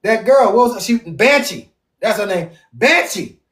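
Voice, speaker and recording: A man, teaching the Bible in a casual, animated, joking way, drawing out words for emphasis, his voice going hoarse. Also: sits high. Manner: animated, jokey, drawn-out emphasis. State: losing his voice. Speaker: preacher. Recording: echoey room, far from mic.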